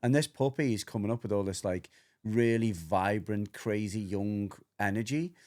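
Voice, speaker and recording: A man co-hosting a casual podcast chat, explaining dog behaviour as an animated storyteller who acts out voices and swears freely. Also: on the low side, normal speed.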